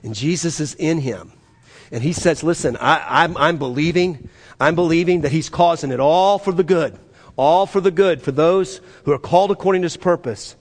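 A man preaching a sermon, animated and acting out the voices he quotes, his voice rising and dropping sharply. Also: fairly high pitch, normal speed. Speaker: pastor.

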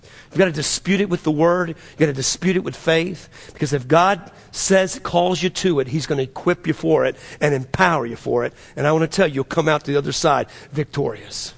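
A man's voice: fairly high pitch, brisk, creaky. A man pastor preaching a sermon to his church, with dramatic swings and voices for the people he quotes.

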